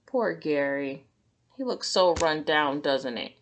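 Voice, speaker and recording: A woman's voice: deep voice, expressive, slow pace, slight background noise. A woman teacher reading a picture book aloud to children, stopping to ask them questions. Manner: sympathetic, asks questions.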